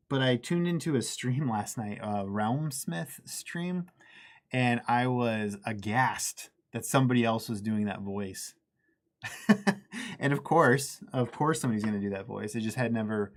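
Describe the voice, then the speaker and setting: Laid-back guy painting minis on a live stream, a bit of vocal fry, laughs at himself a lot. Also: mid-range voice. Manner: chatty, self-deprecating, laughs easily. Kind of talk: casual live painting tutorial.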